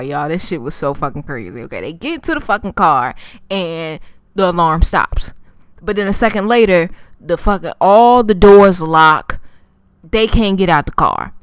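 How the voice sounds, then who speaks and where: Female vlogger, profane animated recap; low, smooth tone. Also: normal speed, no echo, clean studio sound. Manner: animated storytelling, heavy swearing, slangy. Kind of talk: casual profane TV episode recap.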